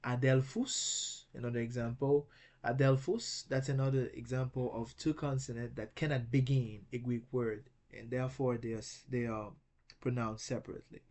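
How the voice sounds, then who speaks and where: A man teaching a recorded language lesson who spells words out slowly and patiently, often checking in with "okay?". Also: mid-range voice, flat delivery, warm tone. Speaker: Greek teacher.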